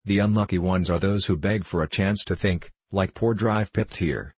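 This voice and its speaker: Merry patchwork rag-doll girl, boastful, sing-song rhymes, husky undertone, put on by a man, dry close sound. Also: deep voice, moderate pace, a little mellow, no echo. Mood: cheerful.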